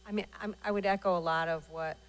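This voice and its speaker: A woman on a school board, speaking quickly and in a friendly way, from a distance from the mic. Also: fairly low pitch, fairly even intonation. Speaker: board member. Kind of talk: board member comment at a meeting.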